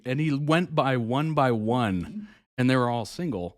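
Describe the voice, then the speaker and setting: A man in a casual, chatty recount, chuckling as he goes and slipping into animated voices for the people in his story. His pitch sits in the middle range. The recording is dry and close to the mic, with no room sound. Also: a little slow, no echo. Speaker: reaction video host. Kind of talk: casual chat recounting a reality show.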